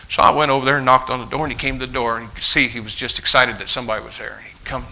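A male preacher telling a folksy story in a sermon, animated, acting out the dialogue. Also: medium pitch, racing, hardly any pauses, low-quality recording.

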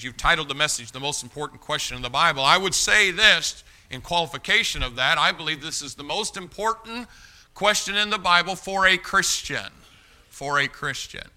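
An emphatic male preacher with a very bright, sharp tone and a slightly high pitch. He reads scripture in old biblical wording, then preaches with loud bursts that drop back to quiet lows. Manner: emphatic, rising to loud bursts and dropping low. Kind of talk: sermon with scripture reading and prayer.

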